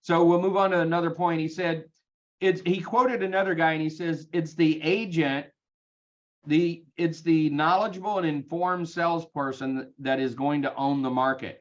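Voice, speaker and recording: A man leading a sales team meeting, energetic and chatty, with frequent ums, over a video call. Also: on the high side, lo-fi sound. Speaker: real estate team leader.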